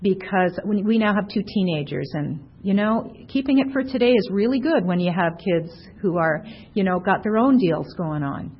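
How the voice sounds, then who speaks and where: A middle-aged woman sharing a personal testimony at a recovery meeting, soft-spoken and grateful. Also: medium pitch, animated, normal speed, hardly any pauses. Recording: dull lo-fi recording with faint noise.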